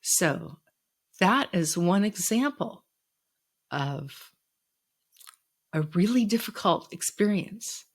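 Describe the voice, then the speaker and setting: A woman's voice: mid-range voice, animated, slow pace, pauses often. A middle-aged woman hosting a podcast, telling a personal story in an earnest, reflective way. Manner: reflective, earnest, quoting others with raised voice. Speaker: podcast host.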